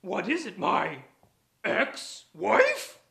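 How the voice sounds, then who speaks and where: A man playing a bumbling divorced cartoon dad in a live improv sketch, mock-dramatic and slow. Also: high-pitched, huge pitch swings, creaky, sharp tone, exaggerated voice. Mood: mock-wounded.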